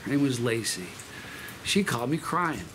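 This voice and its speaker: A man's voice: mid-range voice, very animated, moderate pace, a bit bright, slight background noise. A man hosting his channel, telling a story in a casual monologue that is emphatic and rambling, with frequent restarts and self-corrections. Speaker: channel host.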